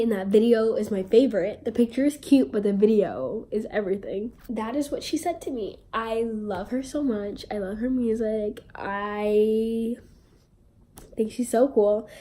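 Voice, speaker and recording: A young woman chatting through a storytime video in a bubbly, rambling way, poking fun at herself as she goes. Her voice sits a little high, with a mellow, soft tone. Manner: bubbly, rambling and self-mocking. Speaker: vlogger. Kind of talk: casual storytime.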